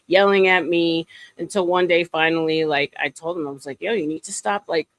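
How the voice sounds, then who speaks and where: A woman's voice: fairly low pitch, steady tone, fairly quick, no room sound, low-quality recording. A woman in casual chat, telling a long story with many fillers and restarts. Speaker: streamer guest.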